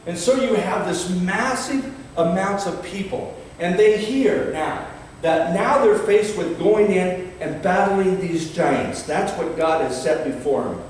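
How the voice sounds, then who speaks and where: An older man preaching a sermon in a fiery, dramatic way, reading scripture slowly and emphatically and swinging between loud and quiet. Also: high voice, lively intonation. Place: large church hall. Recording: echoey hall from far off, faint background noise.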